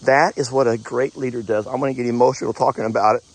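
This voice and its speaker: A man's voice: mid-range voice, fairly even intonation, quick pace, few pauses. A man, talking on an emotional farm vlog, cooing tenderly at an injured animal and choking up as he talks to viewers outdoors at night. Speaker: goat farmer vlogger.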